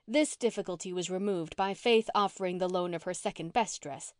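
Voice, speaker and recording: A woman reading a classic novel aloud as an audiobook narrator, with calm, even storytelling on a close home microphone. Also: fairly low pitch, fairly quick, hardly any pauses, no room sound. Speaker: audiobook reader.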